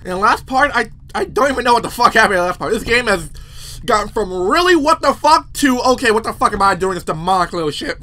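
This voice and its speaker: A man's voice: sits high, animated, fast talker, sharp tone. A young man rambling profanely and casually while commenting on a horror game he is playing. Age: young adult. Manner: rambling and profane, full of fillers; jumpy, yelps at scares. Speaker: let's play host.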